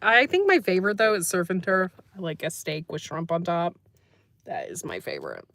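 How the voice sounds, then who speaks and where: A woman's voice: on the low side, sing-song, normal speed, a bit bright, a little hiss or hum. A woman hosting a casual livestream, chatting, laughing often and reading out comments from the chat. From United States. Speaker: livestream host.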